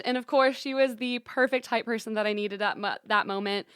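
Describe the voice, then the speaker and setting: A woman's voice: sits high, fairly even intonation, normal speed, hardly any pauses, a bit bright, clean tone, dry recording, studio quality. A young woman in her twenties hosting a solo podcast, bubbly and upbeat, talking straight to her listeners and often saying "y'all" and "you guys.". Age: young adult; 20s. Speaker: podcast host. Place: small recording studio.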